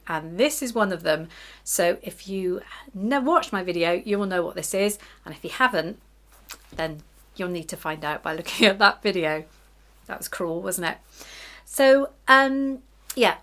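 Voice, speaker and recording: A woman's voice: fairly low pitch, a bit bright. A middle-aged woman chatting casually to camera about her sewing week, chatty and self-deprecating, often giggling. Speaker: sewing vlogger.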